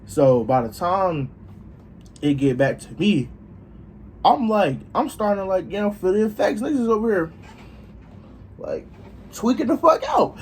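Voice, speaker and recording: A young man casually telling a story in a vlog, profane and animated, acting out what people said. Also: sits high, unhurried, long pauses, slight background noise. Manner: animated, profane, acts out dialogue. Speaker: vlogger.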